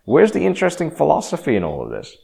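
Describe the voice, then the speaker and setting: A man's voice: fairly low pitch, expressive, a little fast, close to an everyday voice. A man voicing a scornful ancient Greek who mocks and demands to be entertained. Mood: mocking. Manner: sarcastic, incredulous, demanding. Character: scoffing ancient Greek man, mocking and unimpressed.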